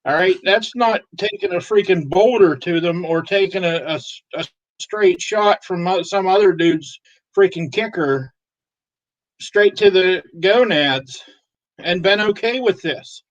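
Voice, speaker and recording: A high-voiced man rambles through crude, profane anecdotes, swearing freely and laughing at his own punchlines. The sound is dull and lo-fi, like a home livestream. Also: a little slow. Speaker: co-host. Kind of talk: crude comedic storytelling.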